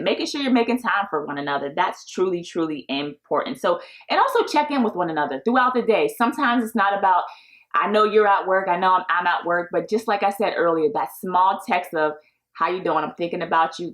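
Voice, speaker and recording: A woman's voice: on the low side, a bit bright. Upbeat woman in her 30s hosting a podcast, chatty and encouraging, laughs a lot. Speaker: podcast host. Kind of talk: casual solo podcast talk.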